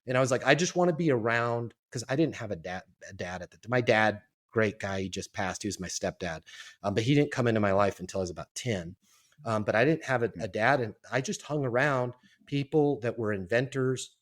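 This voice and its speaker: A man of fifty, a guest on a podcast, telling his life story in a casual, animated way and acting out the voices of the people in it. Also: medium pitch, brisk. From Colorado, US. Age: 50s. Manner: animated storyteller, acts out quoted voices, repeats words.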